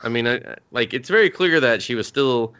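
A man's voice: mid-range voice, animated, brisk, fairly bright tone, smooth. A man co-hosting a podcast, loosely recapping an anime episode in a rambling, profane, filler-heavy way. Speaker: podcast co-host.

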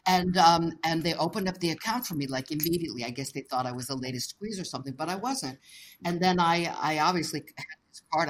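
A middle-aged American woman telling stories as an interview guest, animated and laughing often as she acts out the voices of people she met. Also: low-pitched. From United States. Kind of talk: casual storytelling.

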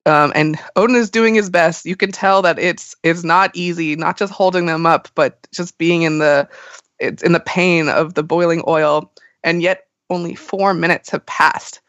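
A woman's voice: on the low side, normal speed, dry recording. Woman recapping in a dry recording. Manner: animated storytelling recap. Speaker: podcast host. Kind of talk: casual chat about a manga chapter. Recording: dry, slightly muffled audio.

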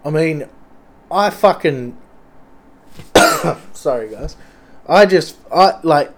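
A man's voice: on the high side, lively intonation, very slow, slight background noise. A young Australian man with an Australian accent, rambling casually and swearing constantly in a loose monologue. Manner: sweary, rambling, blokey slang.

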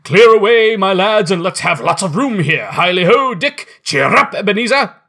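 A man voicing a jovial, stout old male merchant who shouts merrily in a rich, oily voice. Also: wildly swooping pitch, slow, slightly rough, exaggerated voice. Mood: boisterous. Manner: shouting merrily, high-pitched.

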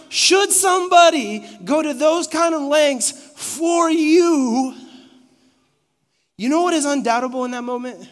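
A man preaching a sermon, mixing scripture with playful comic stories. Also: very high-pitched. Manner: playful, acts out phone calls in quick asides. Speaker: pastor. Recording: hall reverb.

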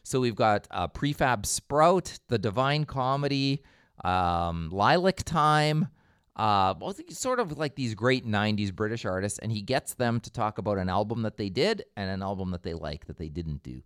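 A man co-hosting a podcast in casual chat, animated and quick to laugh. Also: clean tone, no room sound, studio quality. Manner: animated, laughs easily, jumps into high pitch when excited. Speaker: podcast co-host, teacher.

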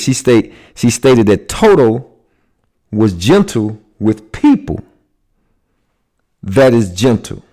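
A man from the United States lecturing at an unhurried, measured pace, with a mid-pitched voice. He speaks deliberately and often stops to check that his listeners are following. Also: a little mellow. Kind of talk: lecture on symbolism.

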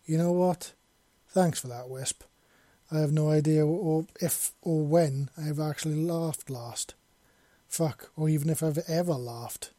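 A man's voice: a little high, measured pace, dark tone, no room sound. A man doing a jittery escaped prisoner. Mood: grateful. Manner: jittery, apologetic, sweary. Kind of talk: fan fiction audiobook reading.

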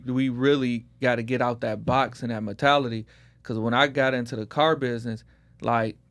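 A man in his thirties from Detroit tells his story on a podcast, easygoing and full of street slang. His pitch sits in the middle for a man. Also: fairly bright tone. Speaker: guest. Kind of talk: casual podcast conversation.

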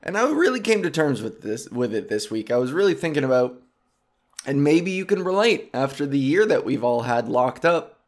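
A man's voice: mid-range voice, very animated, moderate pace. A man hosting his own podcast, chatting alone in a rambling, impulsive and self-mocking way, trying out goofy names. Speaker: podcast host. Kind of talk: casual solo podcast chat.

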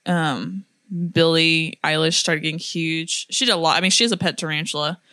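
Young florida woman on a podcast, lowish voice, rambling chatty stories, dry close sound. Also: moderate pace, sharp tone, dry recording. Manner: chatty storyteller with many fillers and laughs. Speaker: podcast co-host. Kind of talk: casual chat.

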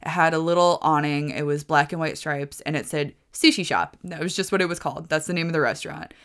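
A woman's voice: low-pitched, lively intonation, quick pace, fairly bright tone. Rambling woman telling a story. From United States. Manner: rambling, self-correcting, laughs at her own jokes. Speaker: podcast host. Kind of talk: casual storytelling.

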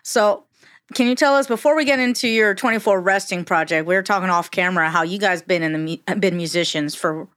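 A woman's voice: medium pitch, brisk, a bit bright, no echo, clean studio sound. Bubbly woman hosting a podcast. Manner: bubbly, playful, folksy sayings. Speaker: podcast host. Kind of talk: casual podcast interview.

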